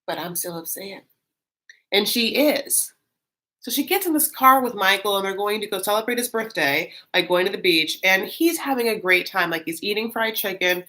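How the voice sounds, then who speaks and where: A woman's voice: medium pitch, moderate pace, bright, forceful tone. A woman hosting a live stream, chatting casually and rambling with lots of fillers and giggles. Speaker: live-stream host reacting to a reality show.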